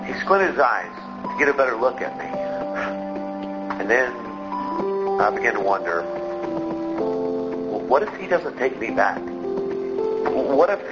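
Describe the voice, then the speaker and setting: A man performs a remorseful young son walking back to his father's house, speaking in an earnest, halting monologue. His voice sits in a middle range and sounds dull and lo-fi. Loud music plays under him. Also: medium pitch, very animated. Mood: worried. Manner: hesitant, earnest storytelling monologue. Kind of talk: dramatic monologue in a church skit.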